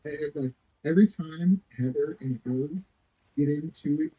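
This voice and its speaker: A man's voice: a little high, normal speed, dark tone, breathy edge, low-quality recording. A man hosting a live stream in casual chat, talking in a heated, rambling, heavily profane way. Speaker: streamer host.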